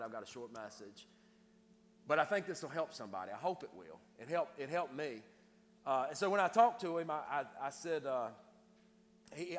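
A man's voice: medium pitch, a bit bright. A man telling a personal story in a sermon, repeating and restarting his words often. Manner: repetitive, stammering restarts. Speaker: preacher. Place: church sanctuary. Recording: reverberant hall with faint noise.

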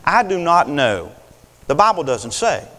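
In a big, echoing hall, a preacher gives a folksy, animated sermon at a measured pace. His voice climbs high and swoops widely, and he keeps asking for amens.

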